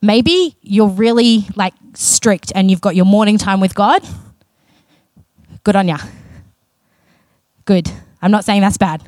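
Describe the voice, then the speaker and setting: A woman's voice: medium pitch, fairly even intonation, a little slow, long pauses, darkish tone, no echo. A woman preaching a sermon in an earnest, conversational way, with casual self-aware asides.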